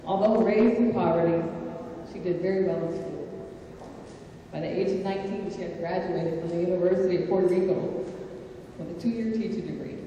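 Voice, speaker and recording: A woman's voice: lowish voice, a little fast, mellow, far from the mic, highs cut off, a little hiss or hum. Southern woman joking through a hall speech. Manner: joking, self-deprecating asides to the audience. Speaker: guest speaker. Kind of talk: ceremonial speech. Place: large banquet hall. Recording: echoey hall, picked up from afar.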